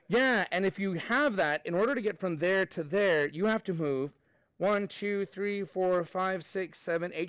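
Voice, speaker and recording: Upbeat male math teacher with a high voice, counts steps aloud and thinks out loud, dry close recording. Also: dry recording. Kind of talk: live class review lesson.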